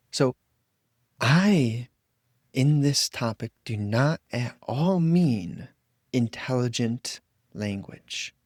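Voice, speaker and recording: A man hosts a solo podcast about inner growth, musing in a loose, reflective way full of fillers and restarts. His voice is medium-pitched with a darkish tone, recorded at studio quality with no room sound.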